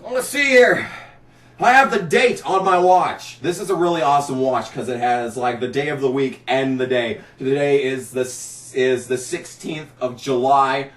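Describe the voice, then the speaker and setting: A man delivering a sarcastic, exasperated rant about motorsport, breaking into shouts now and then. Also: mid-range voice, fairly even intonation, normal speed, far from the mic. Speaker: racing commentary vlogger. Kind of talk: ranting commentary. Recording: roomy, set back from the mic.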